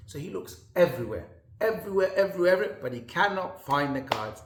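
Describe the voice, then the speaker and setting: A man's voice: sits high, expressive, fast, echoey room. A man rabbi giving a sermon in an earnest storytelling manner with emphatic repetition.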